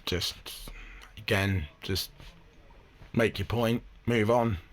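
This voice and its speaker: A man's voice: on the low side, steady tone, takes it slowly. A man hosting a reaction video, talking casually and wryly, with the odd swear word. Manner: chatty, wry, swears casually. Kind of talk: casual commentary.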